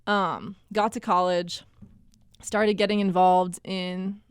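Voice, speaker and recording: A woman's voice: lowish voice, steady tone, slow pace, clean tone, dry recording, clean studio sound. A young woman in her twenties from Wisconsin, a college missionary, talking in a cheerful, upbeat way and laughing easily. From Wisconsin suburbs. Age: 20s. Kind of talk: casual interview.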